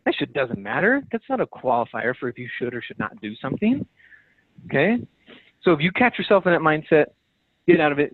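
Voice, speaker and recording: A man's voice: a little high, no echo. Male team leader, motivational coaching call, punchy and repetitive, thin phone-line audio with no room sound. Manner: emphatic, direct, repeats key phrases.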